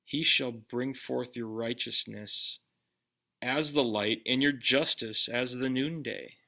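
A man preaching a sermon in a conversational way, putting direct questions to his listeners and dropping his voice low on key lines. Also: takes it slowly, vocal fry, pushed and bright. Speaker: pastor.

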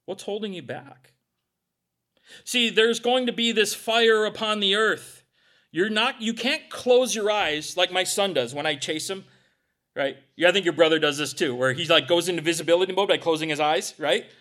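This sermon comes from a middle-aged man, a pastor whose voice sits high and whose pace is moderate. His delivery is lively, with small acted-out voices and sharp shifts between loudness and quiet.

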